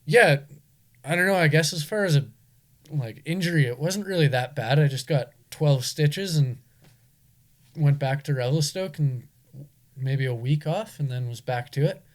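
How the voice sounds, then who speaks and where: A man's voice: a little high, normal speed. A young man, a guest telling stories in a laid-back way, often saying "like". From Canada. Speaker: guest, enduro racer. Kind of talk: casual chat.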